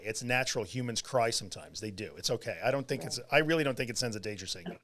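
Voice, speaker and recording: A man co-hosting a relaxed wellness podcast. He talks in an animated, joking way and loops back on his own words as he explains. His pitch sits in an ordinary middle range. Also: fast. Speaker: podcast co-host. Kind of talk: casual chat.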